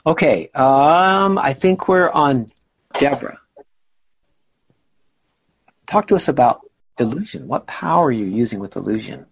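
A man's voice: medium pitch, expressive, unhurried, gravelly, long pauses, husky, poor audio. A man leading a spiritual discussion group over a video call, encouraging and playful in how he draws people out. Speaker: group facilitator.

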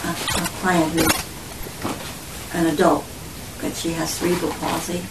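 Distant, soft-spoken woman in an echoey room. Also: sits low, little pitch movement, a little slow, gravelly. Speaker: group participant sharing a story. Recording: distant, echoey, loud background noise.

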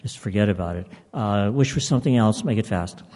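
A man's voice: on the low side, mellow, close to an everyday voice. A man voicing a grumpy ancient male genie who is impatient and dismissive. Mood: scoffing. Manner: gruff, dismissive, hurried. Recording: long hall reverb.

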